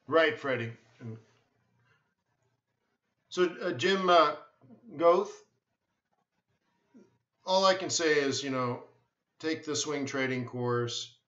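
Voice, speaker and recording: A man hosting a live forex trading webinar speaks slowly with long pauses, his voice a little high and a bit bright. He replies to viewers bluntly and emphatically, often repeating words. The recording is echoey, dull and lo-fi.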